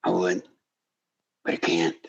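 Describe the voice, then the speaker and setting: An older man with a deeply gravelly, creaky voice delivers a fervent talk radio monologue. His tone is husky and rough, and he often climbs into pleading shouts. He sounds like a seasoned show host talking straight to his listeners. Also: completely flat delivery, measured pace, muffled recording. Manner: impassioned, pleading, rising to shouts.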